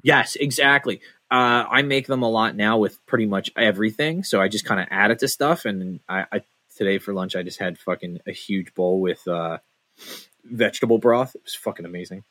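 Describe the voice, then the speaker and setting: A man's voice: lowish voice, normal speed, pushed and bright, no room sound. A man co-hosting a podcast from his home, rambling in casual chat with frequent restarts and casual swearing. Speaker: podcast co-host.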